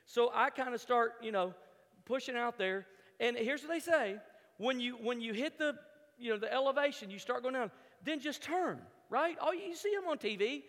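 A man telling a humorous personal story to an audience, animated, stumbling over repeated words and acting out his own thoughts. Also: extremely high pitch, normal speed, in a large hall.

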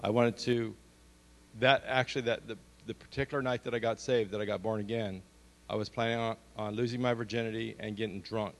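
A man's voice: fairly low pitch, fairly even intonation, brisk. A man giving a church testimony to an audience, telling his story earnestly and rising to emphatic bursts. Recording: long hall reverb.

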